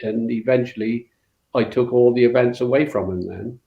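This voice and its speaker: An older man with a West Country accent, once a rally co-driver, tells long anecdotes as an interview guest, rambling with plenty of fillers and restarts. His creaky voice is mid-range at a normal speed, and the recording sounds roomy, dull and lo-fi.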